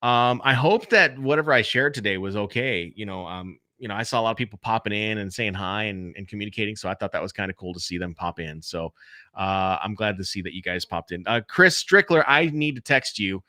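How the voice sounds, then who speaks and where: A man's voice: on the low side, a little fast, pushed and bright, dry recording, studio quality. A man hosting a casual live-stream Q&A about podcasting, chatting loosely and speaking straight to his viewers. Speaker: podcast host.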